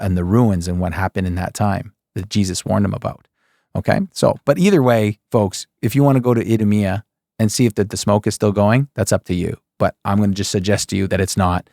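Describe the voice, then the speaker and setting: A man's voice: fairly low pitch, gravelly, dark tone, no echo, studio quality. A man teaching scripture in a casual, joking way, asking his listeners rhetorical questions and often saying "okay" and "folks.". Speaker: Bible teacher.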